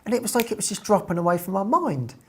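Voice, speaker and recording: A woman retelling a spiritual story in a casual, earnest way, rising into excited bursts as she quotes herself. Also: medium pitch, quick pace, a little hiss or hum. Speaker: spiritual teacher.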